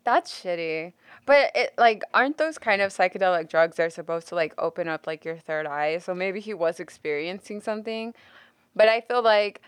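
A woman's voice: fairly low pitch, lively intonation, normal speed, clean tone, dry recording. A woman co-hosting a casual podcast, chatting with lots of "like" fillers. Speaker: podcast co-host. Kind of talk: casual chat.

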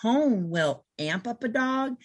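A middle-aged woman dog trainer talking casually, lively, often acting out the commands and voices of her clients. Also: a little high, takes it slowly. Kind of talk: casual conversation.

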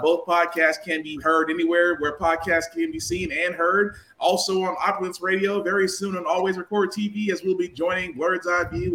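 A man's voice: on the high side, sharp tone, slight background noise, low-quality recording. A man giving an emphatic, preachy introduction as a podcast guest. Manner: emphatic, preachy, quick plugs.

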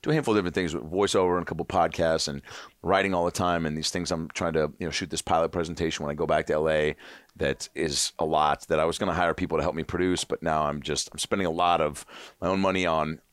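A man's voice: a bass voice, steady tone, fast talker, no room sound, studio quality. A man in his thirties telling rambling, profane stories as a podcast guest, slipping into voices for others. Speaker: comedian guest. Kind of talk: casual podcast chat.

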